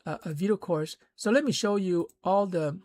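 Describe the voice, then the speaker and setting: A man's voice: high voice, moderate pace, darkish tone. A man casually explaining steps of building a course, talking conversationally with fillers and rising into emphatic bursts. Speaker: course creator teaching online. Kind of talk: casual instructional talk.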